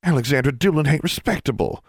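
A man's voice: a little high, animated, quick pace, slightly rough, no room sound, studio quality, voice pushed up. A man voicing a prim, disapproving country schoolgirl in an audiobook.

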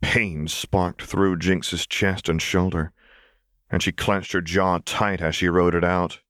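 Fan fiction gets a calm, measured audiobook-style reading from a narrator with a very deep male voice. The scripted narration is close-miked and dry, free of any room sound.

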